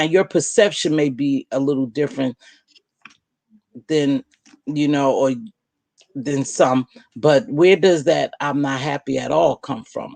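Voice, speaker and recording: A woman's voice: low voice, darkish tone, no echo. A woman host talking casually to her viewers, emphatic and direct, repeating her points for stress. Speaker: video host answering viewer comments. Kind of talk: casual livestream talk.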